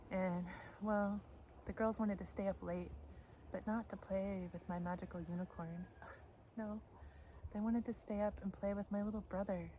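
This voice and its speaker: A tarot reader from Idaho, speaking in a lower voice, laughs a lot as she does a relaxed reading and recalls a childhood story. She is outdoors in the woods, with faint outdoor ambience and slight hiss or hum on the recording.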